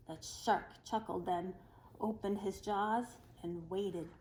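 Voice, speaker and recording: Woman, children's storyteller, folktale reading, expressive, unhurried. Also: mid-range voice, poor audio.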